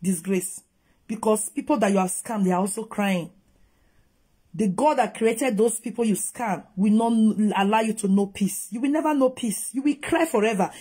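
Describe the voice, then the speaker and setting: Husky scolding Nigerian woman. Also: mid-range voice, normal speed, dark tone. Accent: Nigerian Pidgin English. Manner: scolding, emphatic, switching between English and Pidgin. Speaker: vlogger. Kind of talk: reaction commentary on a video.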